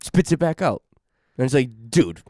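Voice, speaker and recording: A man's voice: mid-range voice, lively intonation, normal speed, no room sound, clean studio sound. A young man co-hosting a podcast, telling a long story in casual chat, rambling with lots of fillers and laughing as he goes. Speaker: podcast co-host.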